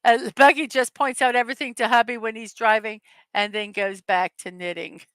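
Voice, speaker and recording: A woman's voice: on the high side, steady tone, normal speed, a bit bright, no room sound. A middle-aged woman hosting a casual morning chat show, telling rambling stories and laughing often. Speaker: host.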